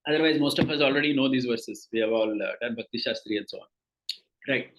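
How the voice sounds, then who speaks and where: A man's voice: mid-range voice, fast talker, dull audio, background noise. A man with an Indian accent teaching a scripture class, explaining patiently with many fillers and repeated words.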